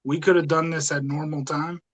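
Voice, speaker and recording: A man's voice: on the high side, flat delivery, a little fast, low-quality recording. Rambling, enthusiastic podcast co-host man. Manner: enthusiastic, rambling, hesitant with many ums. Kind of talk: casual podcast chat.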